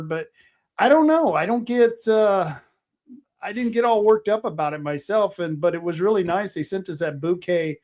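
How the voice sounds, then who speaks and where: A man hosting a casual political panel talk show, rambling and halting with many fillers. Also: sits high, darkish tone. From Oregon. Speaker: host.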